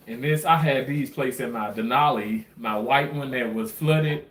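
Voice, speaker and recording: A man's voice: mid-range voice, measured pace, few pauses, a bit bright, distant mic. A man, talking through his home cooking in a rambling, chatty way with casual swearing. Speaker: cooking vlogger. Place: home kitchen. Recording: echoey room, voice off-mic, faint noise.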